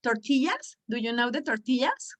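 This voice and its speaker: Lively woman coaching pronunciation, slightly high voice. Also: moderate pace. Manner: animated, coaxing, repeats words for the group. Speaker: pronunciation trainer for teachers. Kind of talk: lively online teaching workshop.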